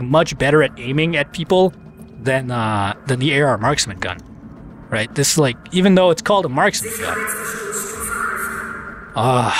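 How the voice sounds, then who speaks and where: A man's voice: a little high, fairly bright tone, a little hiss or hum. A man giving casual, self-mocking commentary while playing a shooter game, talking back to the enemies on screen. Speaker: let's play commentator.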